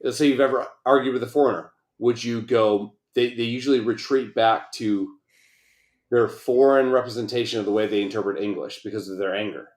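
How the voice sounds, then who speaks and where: A man's voice: mid-range voice, fairly even intonation, a little fast, darkish tone, echoey room. A man co-hosting a podcast, rambling and joking with plenty of swearing. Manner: rambling, profane, jokey. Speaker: podcast co-host. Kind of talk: casual chat.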